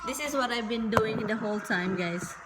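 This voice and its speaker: A woman's voice: on the high side, heavy background noise. A Filipino woman vlogging from her house, chatty and laughing at herself with many exclamations. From Philippines. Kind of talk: casual home vlog. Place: inside a house being painted.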